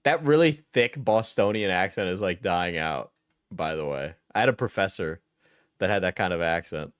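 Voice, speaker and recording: Young new england guy doing stream reactions, blunt and swears a lot, lowish voice, super dry sound. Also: expressive, normal speed, smooth, no room sound. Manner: rambling, profane, blunt. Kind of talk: casual reaction commentary.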